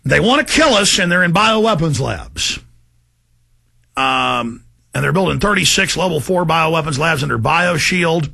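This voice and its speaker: A man's voice: fairly high pitch, animated, normal speed, vocal fry, breathy edge, faint music behind. A man hosting a talk show, ranting in an impassioned monologue to his listeners. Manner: ranting, shouts in bursts, addresses folks directly.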